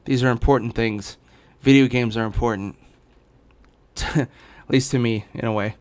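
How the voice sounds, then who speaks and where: A young man streaming games from home, talking in a loose, rambling way. He is hiccuping, fills his talk with ums and restarts, and his voice stays smooth and resonant at an ordinary middle pitch. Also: steady tone, normal speed, a little mellow. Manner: rambling, full of fillers and restarts. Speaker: gaming streamer. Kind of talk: casual rambling chat. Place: home in Los Angeles.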